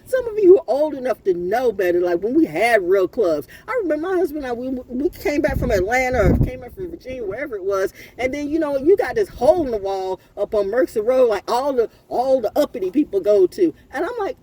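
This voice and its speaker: A woman's voice: a little high, very animated, a little fast, dark tone, slightly rough. A middle-aged woman, ranting in an unscripted monologue, profane and laughing often. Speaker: vlogger.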